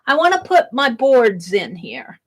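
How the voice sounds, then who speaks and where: A woman's voice: a little high, big pitch swings, a little slow, low-quality recording. A middle-aged woman chatting cheerfully while she crafts at home, thinking aloud as she works. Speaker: craft vlogger. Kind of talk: casual crafting vlog chat.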